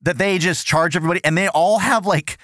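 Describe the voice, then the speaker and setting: A man hosting a podcast, riffing in animated, sarcastic chat. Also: high-pitched, fast, dry recording, clean studio sound. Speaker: podcast host. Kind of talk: casual comedic chat.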